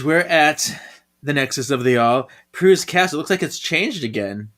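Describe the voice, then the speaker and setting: A man co-hosting a podcast, talking through a comic issue in a relaxed, chatty way. His voice is bright and forward, and he jumps into high, lively voices when he quotes the characters. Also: moderate pace. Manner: animated, acts out characters' lines with big jumps in pitch. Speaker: podcast co-host. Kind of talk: casual chat recapping a comic.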